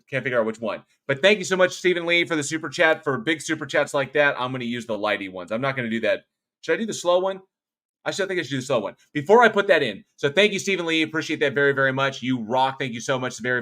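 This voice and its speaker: A man's voice: mid-range voice, pushed and bright. A man hosting a casual livestream, greeting viewers by name and reading their chat comments aloud. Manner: chatty, thanks viewers one by one, swears casually. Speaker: livestream host.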